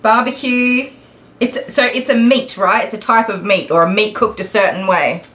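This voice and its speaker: A woman's voice: mid-range voice, normal speed, fairly bright tone, low-quality recording. A woman, chatting on and on to her viewers while she grooms dogs in her salon. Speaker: dog groomer streaming live. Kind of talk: chatty live stream while working. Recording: clipper buzz behind the voice.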